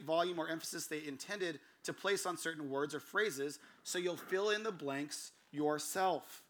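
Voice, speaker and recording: A man preaching a sermon, mixing practical advice with lively stories, laughing and acting out quotes. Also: high-pitched, slight background noise. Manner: animated storytelling with laughs and acted-out quotes. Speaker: pastor.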